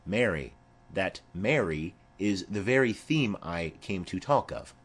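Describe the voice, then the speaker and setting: A man's voice: low-pitched, lively intonation, husky, exaggerated voice. A man reading a play aloud, voicing a formal, commanding noblewoman speaking to her daughter. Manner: formal, measured.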